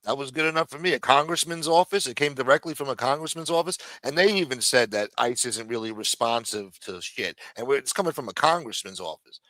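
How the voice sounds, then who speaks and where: A man's voice: mid-range voice, expressive, a little fast, few pauses, a bit bright, no room sound. A man co-hosting a live stream in casual chat, blunt, emphatic and profane.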